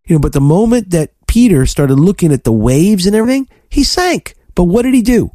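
A man co-hosting a faith podcast, preaching fervently and telling lively stories to his listeners. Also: high voice, fast, no echo, clean studio sound. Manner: fervent, preachy, animated storytelling. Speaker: podcast co-host.

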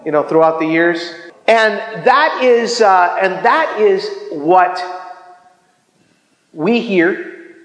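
A man giving a casual, animated sermon, often restarting his sentences with stammered repeats. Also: high voice. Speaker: preacher. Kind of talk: informal sermon. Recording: echoey hall with long reverb.

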